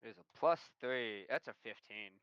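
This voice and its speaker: A man's voice: medium pitch, lively intonation, moderate pace, clean tone, no echo, lo-fi sound. A man playing a tabletop game, joking and swearing casually. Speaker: player.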